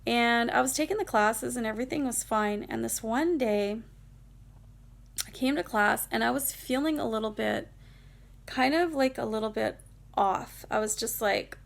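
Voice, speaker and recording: Young woman, casual storytime vlogger, rambling with fillers, gravelly fry in the voice. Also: a little high, moderate pace. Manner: rambling, lots of fillers like "like" and "you know". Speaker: vlogger telling a personal story.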